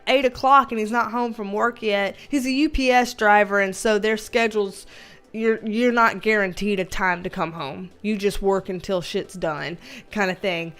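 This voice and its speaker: A woman from the Southern United States hosts a casual livestream from home, her mid-range voice fairly bright. She's talkative and rambling, laughing often as she greets viewers.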